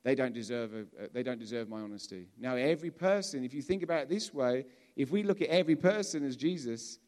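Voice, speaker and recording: A man from England preaches a relaxed, conversational sermon in a medium-pitched voice at a brisk pace. He often restarts and repeats words as he goes.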